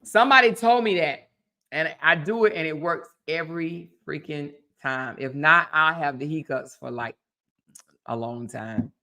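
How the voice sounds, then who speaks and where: Woman host, livestream chat, bright tone, chatty, laughs with viewers. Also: deep voice, unhurried.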